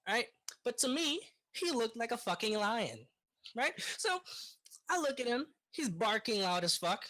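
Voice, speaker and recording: A young woman co-hosting a podcast, telling a childhood story in a relaxed, casual way, with frequent tag questions and swearing. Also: a little high, measured pace. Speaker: podcast co-host. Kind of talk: casual chat.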